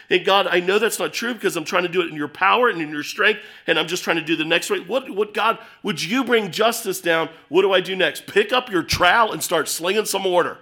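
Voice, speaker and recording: A middle-aged man preaching a sermon as pastor, emphatic, swinging between loud urging and hushed storytelling. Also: high voice, animated, a little fast.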